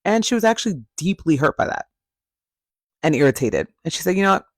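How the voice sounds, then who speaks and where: A man recaps a reality TV episode in a casual, opinionated way, blunt and full of profanity. His voice sits a bit higher than most men's. The sound is dry and close, with no room echo. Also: sing-song, a little fast.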